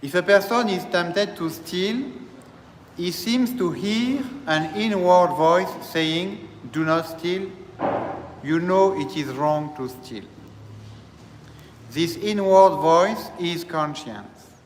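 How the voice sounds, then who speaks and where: A man who serves as a priest, delivering a slow, deliberate teaching sermon and repeating phrases as he explains. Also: sits high, a little hiss or hum. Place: church. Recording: echoey church hall, faint ambience.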